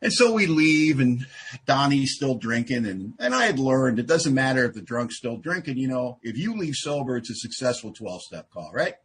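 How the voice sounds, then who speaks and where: A man giving a humorous share at a recovery meeting, an animated storyteller who acts out dialogue. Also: medium pitch, slightly rough. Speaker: AA speaker.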